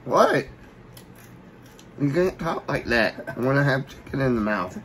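A man's voice: medium pitch, lively intonation, moderate pace, a bit bright, a little hiss or hum, rough recording. A man chatting casually while eating, joking around and talking with food in his mouth. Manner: joking, laid-back, talks with food in mouth.

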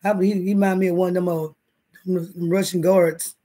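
A man's voice: sits high, level tone, normal speed, dark tone. A man hosting a casual livestream from his bed, rambling and swearing as he talks to viewers in the chat. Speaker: livestream host. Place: indoors, in bed.

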